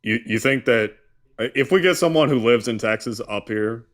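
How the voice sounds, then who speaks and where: A man's voice: medium pitch, moderate pace, fairly bright tone. A man co-hosting a live call-in show, pressing callers skeptically.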